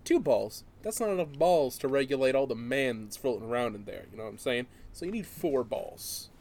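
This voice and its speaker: Dude cracking crude jokes on a podcast, mid voice that bounces up and down a lot. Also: male voice, mid-range voice, animated, brisk. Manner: crude, riffing jokes with loud outbursts. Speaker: podcast co-host. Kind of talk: casual comedy podcast chat.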